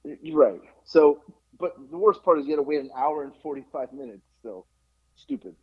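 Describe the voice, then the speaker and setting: A middle-aged man hosting a podcast, telling a story in casual chat, animated and profane with lots of fillers. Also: fairly high pitch, fairly quick, slightly rough. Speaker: podcast host. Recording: dull lo-fi podcast recording.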